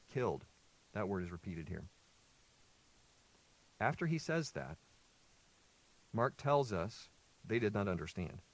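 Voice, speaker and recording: In a lowish voice, a male preacher reads scripture and unpacks its meaning. He asks the congregation questions, then supplies the answers himself.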